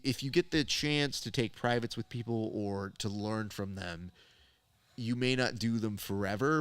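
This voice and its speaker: A man with a low-set voice chatting easily as a show host. He talks at length, laughs often and slips into voices when he quotes people. The tone is relaxed and conversational. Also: clean tone, no room sound. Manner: talkative, laughs often, acts out quoted dialogue. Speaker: podcast host and jiu-jitsu coach. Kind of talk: casual chat.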